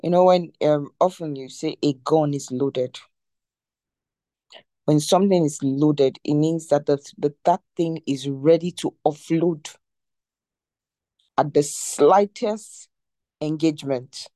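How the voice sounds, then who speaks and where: A mellow, warm-toned teacher giving a devotional talk, dry and close to the mic. The delivery is emphatic, with key phrases said again and again. Rhetorical questions are put straight to the listeners. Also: medium pitch, fairly even intonation, unhurried, no echo.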